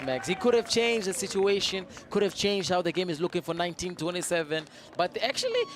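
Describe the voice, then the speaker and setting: A man giving casual, opinionated live play-by-play commentary on an amateur soccer match, breaking into excited shouts when a team attacks. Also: on the high side, a little hiss or hum. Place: outdoors at a soccer field.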